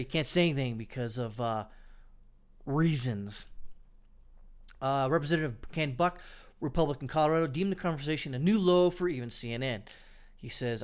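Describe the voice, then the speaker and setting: Sarcastic man hosting political commentary. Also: fairly high pitch. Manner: sarcastic, scornful, thinks aloud with fillers. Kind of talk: political commentary reacting to clips and news.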